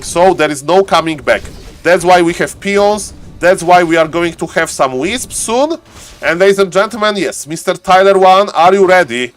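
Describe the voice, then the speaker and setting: A man giving live game commentary as the caster, excitable and laughing often, repeating set phrases. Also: sits high, normal speed. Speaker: esports caster.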